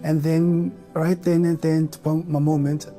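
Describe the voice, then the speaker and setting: Soft music plays behind a man delivering a heartfelt church testimony, stuttering heavily on the first syllables of words. His voice is on the high side and warm, with little pitch movement and a measured pace, though his earnest emotion rises to fervent outbursts.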